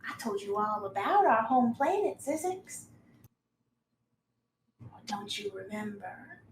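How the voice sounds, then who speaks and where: A woman's voice: mid-range voice, big pitch swings, takes it slowly. Brief: a woman doing a giant evil clown woman, taunting and ominous, in an echoey room. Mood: menacing. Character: menacing giant female clown monster dripping black blood. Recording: echoey room with faint noise.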